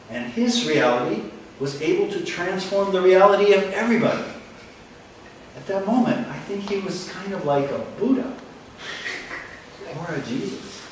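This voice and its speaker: Guy telling a story live, lively up and down voice, big echoey hall, mic far off. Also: high voice. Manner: animated, dramatic pauses. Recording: echoey hall, distant mic, faint noise.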